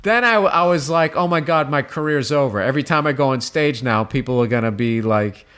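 Profane, animated comedian telling a story. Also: male voice, a little fast, smooth. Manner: animated, profane, jumps in pitch when quoting people. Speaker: stand-up comedian. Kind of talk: casual storytelling conversation.

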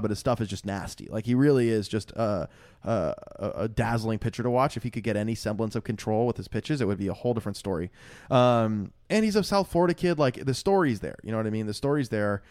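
A man co-hosting a casual sports podcast, rambling through an animated story with lots of fillers and laughs. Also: fairly low pitch, fast, dry recording, studio quality. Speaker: podcast co-host.

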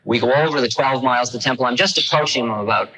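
An older man telling a personal story to an audience, animated and acting out the lines he quotes. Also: mid-range voice, rapid-fire, noisy background. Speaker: speaker recounting a personal story. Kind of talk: storytelling talk.

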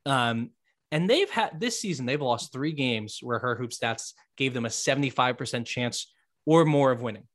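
A man co-hosts a sports podcast in casual chat, speaking at a medium pitch and moderate pace. He is animated and emphatic, repeating his points.

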